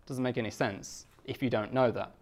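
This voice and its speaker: A British man explaining culture to language learners, stretching key words slowly and deliberately. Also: medium pitch, fairly even intonation.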